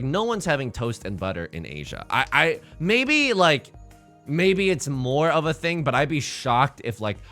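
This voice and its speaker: Excitable streamer with a lively, bright voice. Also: male voice, medium pitch. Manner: excitable, rambling, talks to himself. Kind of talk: casual live-stream game commentary. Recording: faint music under the voice.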